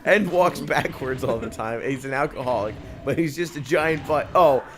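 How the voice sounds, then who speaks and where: A man's voice: medium pitch, moderate pace, over music. A young man joking and laughing as he comments on a video game with friends. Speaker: let's play commentator. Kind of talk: casual banter over gameplay.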